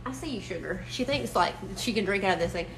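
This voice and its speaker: Woman, mid pitch, rambling live-stream crafter who laughs a lot, faint noise behind. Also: expressive, fast, vocal fry, a bit bright. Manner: rambling, chatty, often laughing. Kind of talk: casual live stream chat.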